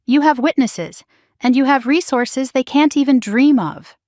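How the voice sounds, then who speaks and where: A woman voicing a steady male adviser in a storybook narration, calm and reassuring, dry sound. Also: high-pitched, measured pace, no room sound, voice pushed up. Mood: calm firm.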